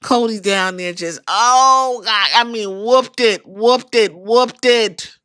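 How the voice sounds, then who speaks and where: Animated, profane woman recapping wrestling. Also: fairly high pitch, slow, clean tone, no room sound, studio quality. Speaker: podcast host.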